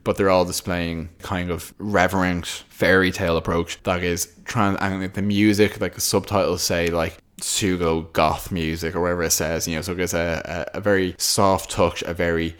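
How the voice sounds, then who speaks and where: Deep-voiced man chatting on a podcast. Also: little pitch movement, normal speed, hardly any pauses, a bit bright, clear, resonant tone. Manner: rambling, many restarts, enthusiastic. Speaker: podcast co-host. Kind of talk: casual chat.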